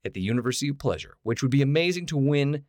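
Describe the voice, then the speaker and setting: A man's voice: medium pitch, expressive, very fast, darkish tone, no room sound, clean studio sound. A man co-hosting a podcast, rambling with playful, self-mocking banter. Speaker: podcast co-host. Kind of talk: casual banter.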